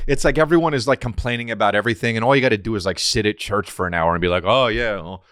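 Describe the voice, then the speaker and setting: A man's voice: fairly low pitch, racing, fairly bright tone, clean tone, no room sound, clean studio sound. A man co-hosting a podcast in casual chat, swearing freely and riffing with mock voices. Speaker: podcast co-host.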